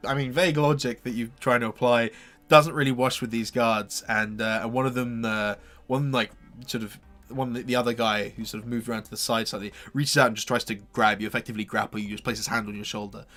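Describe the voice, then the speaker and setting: A man serving as game master, describing scenes in a bright, crisp voice at an ordinary pitch. He rambles and circles back, restarting phrases often. Soft music sits faintly in the background. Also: fairly even intonation, quick pace. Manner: rambling, full of fillers and restarts. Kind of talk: narrating a tabletop game.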